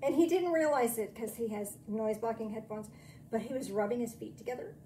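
Mellow-voiced woman preaching gently. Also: fairly high pitch, a little hiss or hum. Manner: chatty, self-deprecating storytelling; slow, soothing meditation guidance. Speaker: minister. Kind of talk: sermon and guided meditation.

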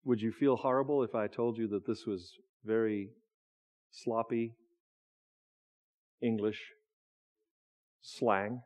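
A man's voice: on the low side, fairly even intonation, slow, long pauses, a little mellow. A man preaching a sermon in a church, talking in a conversational way, often restarting his words and teasing the congregation. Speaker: pastor. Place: church sanctuary.

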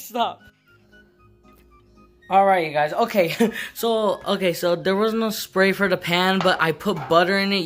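A woman chatting casually to camera in a home kitchen, rambling and giggling, with lots of fillers. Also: mid-range voice. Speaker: vlogger.

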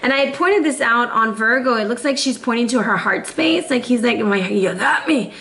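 A woman giving a casual, playful tarot reading to camera, chatty and quick to laugh. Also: on the high side, expressive, bright, forceful tone, reverberant. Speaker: tarot reader.

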